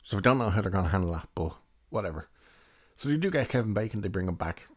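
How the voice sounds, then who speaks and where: A man's voice: fairly low pitch, lively intonation, fast talker, no echo, clean studio sound. A young man giving a rambling, chatty film review and laughing now and then as he recounts scenes. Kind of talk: casual spoken film review.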